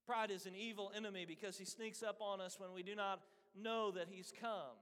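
A man's voice: high voice, steady tone, brisk, hardly any pauses, a bit bright. A man preaching a sermon, telling a story and acting out the voices of its characters. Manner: earnest preaching, acts out quoted voices. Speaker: pastor. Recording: long hall reverb.

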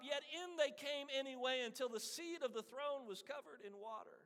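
A man's voice: very high voice, moderate pace, a bit bright. A man preaching a sermon, telling a story and acting out the voices of its characters. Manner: earnest preaching, acts out quoted voices. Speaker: pastor. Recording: long hall reverb.

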